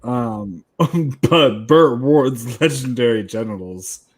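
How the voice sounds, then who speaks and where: A man's voice: mid-range voice, slow. A man co-hosting a casual podcast chat, joking and crude, often trailing off mid-sentence. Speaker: podcast co-host.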